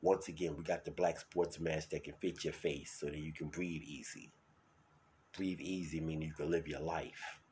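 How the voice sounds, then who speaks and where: A man with a New York accent hosting his own solo podcast, talking loud and hyped, then dropping to a mutter. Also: rumbling low, fairly even intonation, normal speed, a little hiss or hum. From New York City. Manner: loud, hyped, swings between shouting and mumbling. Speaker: podcast host.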